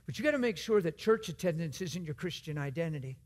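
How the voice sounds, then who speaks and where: A man's voice: a little high, expressive, fast talker, a little mellow. A man preaching in a church, telling a story in an earnest, conversational way. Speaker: guest preacher. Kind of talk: storytelling sermon.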